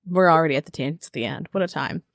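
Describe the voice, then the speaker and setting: A woman's voice: low-pitched, racing, vocal fry, dry recording, studio quality. A woman co-hosting a podcast in casual chat, rambling into tangents and laughing often. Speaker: podcast co-host.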